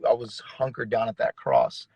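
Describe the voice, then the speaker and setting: Earnest pastor with a gravelly voice. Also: male voice, mid-range voice, sing-song, moderate pace, darkish tone, no echo, rough recording. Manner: earnest, casual, uses slang like bro and dude. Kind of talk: personal testimony in conversation.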